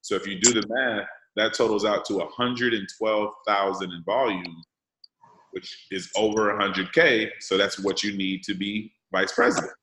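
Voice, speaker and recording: A man's voice: on the low side, moderate pace, pushed and bright. A man leading an online sales training call, explaining casually and step by step while checking that the group follows. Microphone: video call. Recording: roomy echo.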